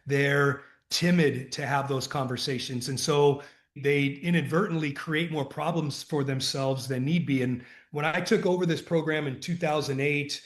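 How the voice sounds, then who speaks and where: A man, a retired college basketball coach, telling earnest, animated stories about his teams as a podcast guest. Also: on the high side, echoey room. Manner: earnest, animated anecdotes, acts out dialogue. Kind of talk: conversational storytelling.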